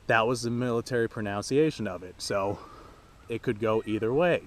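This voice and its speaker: A man's voice: mid-range voice, a little fast. A man hosting his own firearms channel, chatting casually and rambling to camera while out at a shooting range, swearing freely.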